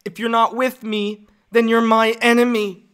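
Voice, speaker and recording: A man voicing an angry, volatile teenage Jedi, shouting strained accusations. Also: extremely high pitch, flat delivery, normal speed, clean tone, voice pushed up. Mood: threatening.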